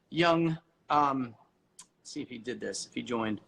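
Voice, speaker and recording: A man hosting a casual livestream, telling lively stories while he cooks, heard over a video call. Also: mid-range voice, a little slow, vocal fry, long pauses, poor audio. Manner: lively, storytelling, talks while cooking. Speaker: host.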